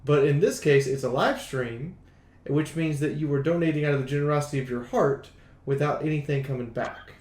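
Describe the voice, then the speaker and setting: A man's voice: a little high, fairly quick, darkish tone. A man hosting and running a live-streamed tabletop game, rambling and teasing, with stammering restarts. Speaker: game master and stream host. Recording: roomy echo.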